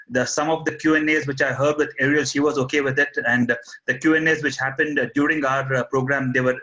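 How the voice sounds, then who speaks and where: A man in his forties with an Indian accent calls in and asks his question hesitantly, with many fillers and restarts. His voice is bright and forceful, heard through dull, lo-fi call audio. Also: medium pitch. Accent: Indian English. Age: 40s. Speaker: caller. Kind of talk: casual question on a video call. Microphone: video call.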